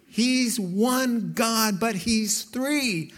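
Male pastor preaching with emphatic, unhurried phrasing, a slightly high voice, and long dramatic pauses. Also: expressive. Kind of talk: sermon.

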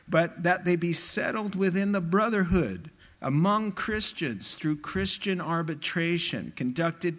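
A man preaching a sermon as pastor, emphatic and animated. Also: on the high side. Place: church hall with sound system.

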